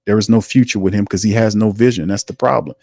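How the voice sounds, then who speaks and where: A male sports talk host rants in exasperation, circling back to the same complaints again and again. His voice sits low, and the recording is dry and close, with no room echo. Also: fairly even intonation, fast talker, vocal fry, mellow. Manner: exasperated, ranting, repetitive. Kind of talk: sports commentary rant.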